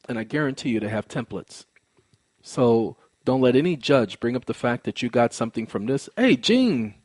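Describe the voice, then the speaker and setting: A man's voice: medium pitch, very animated, normal speed, a little mellow, dry recording. A man hosting a legal advocacy video channel, talking casually and emphatically to his viewers, often repeating phrases. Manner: emphatic, preachy, repeats phrases in rising sing-song.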